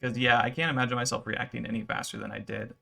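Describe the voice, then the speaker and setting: A man giving relaxed, rambling commentary over his gameplay, with many fillers. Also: medium pitch, fast, gravelly. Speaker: gaming YouTuber.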